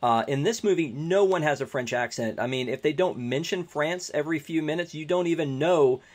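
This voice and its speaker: A man's voice: fairly high pitch, brisk. A married man in casual conversation about a movie, talking loosely with lots of fillers. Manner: loose, filler-heavy chat. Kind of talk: casual movie review chat.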